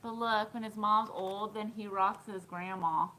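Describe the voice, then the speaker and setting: A woman's voice: medium pitch, steady tone, measured pace, bright, forceful tone, slight background noise, low-quality recording. A woman in her thirties chatting casually on a live stream, giggling often and answering viewer comments. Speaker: thrift vlogger.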